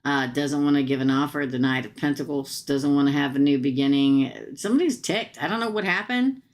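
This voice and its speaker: Talking straight to her live stream audience, this tarot reader is blunt and casual, tossing in slang as she goes. She speaks briskly in a low-pitched voice.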